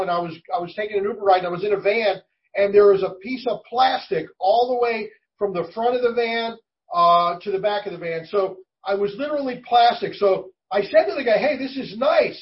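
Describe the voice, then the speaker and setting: A man's voice: sits high, brisk, recorded from a distance. A man speaking for a college in an interview, enthusiastic and emphatic. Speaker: college representative. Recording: muffled, away from the mic.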